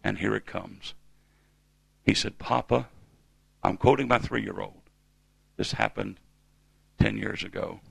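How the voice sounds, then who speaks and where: Gravelly emphatic preacher man in his fifties. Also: fairly low pitch, a bit bright, dry recording. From United States. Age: 50s. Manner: emphatic call-and-response preaching. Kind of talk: sermon. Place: church.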